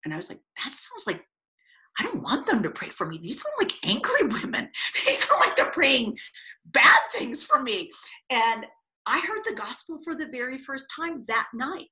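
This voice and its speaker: Bright, animated woman telling her story. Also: sits high, normal speed. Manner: animated, acts out quoted voices. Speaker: guest speaker. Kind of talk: storytelling in a podcast interview.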